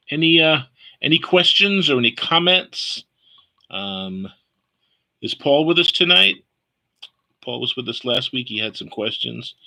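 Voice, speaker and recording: A man with a very bright, sharp voice hosts a Bible study and invites questions from the group. He talks hesitantly, repeating words and pausing with fillers. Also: on the low side, poor audio. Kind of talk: leading an online Bible study.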